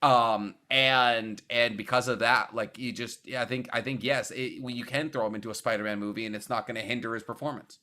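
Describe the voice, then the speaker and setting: Bright-voiced young man on a video call. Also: mid-range voice. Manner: animated, quick to joke and argue. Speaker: podcast co-host. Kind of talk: casual chat.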